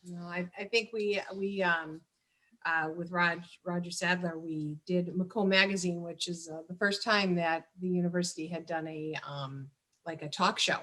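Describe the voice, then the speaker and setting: A woman's voice: lowish voice, steady tone, normal speed, bright, forceful tone, low-quality recording. Guest: woman in her fifties, chatty and fond, casual reminiscing. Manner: chatty and fond, some hesitant fillers. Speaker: alumni guest.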